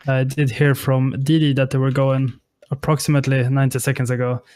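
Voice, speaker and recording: A man's voice: medium pitch, flat delivery, fairly quick, darkish tone, no room sound. A man casting a live online game tournament, hesitant and apologetic, with many fillers and restarts, on a headset mic. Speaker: esports caster. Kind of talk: casual live game commentary.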